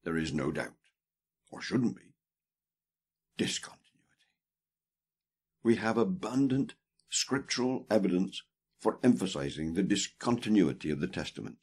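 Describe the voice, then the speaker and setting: A man reading a theology book aloud as an audiobook, in a deliberate, emphatic manner that stresses key words. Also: sits low, lively intonation, darkish tone, slightly rough. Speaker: audiobook reader.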